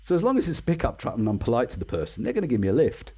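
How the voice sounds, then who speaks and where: A man in his sixties with an English accent tells stories as a podcast guest. He is chatty and self-deprecating, and he acts out the voices of people he quotes. His voice sits at a middle pitch. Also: big pitch swings, racing, dark tone, breathy edge. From England. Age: 60s. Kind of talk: casual storytelling interview.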